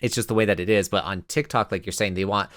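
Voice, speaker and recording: A man's voice: lowish voice, fast talker, fairly bright tone, no room sound, clean studio sound. A man co-hosting a podcast, a bit tired and yawning, rambling in casual chat with lots of fillers. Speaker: podcast co-host.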